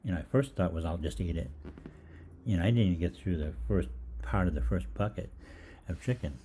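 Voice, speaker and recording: An older man, a holistic doctor who tells stories, rambles animatedly through a funny personal anecdote in a casual monologue, voicing both sides of the conversation. His voice is low and a little fast, with a slight hiss or hum.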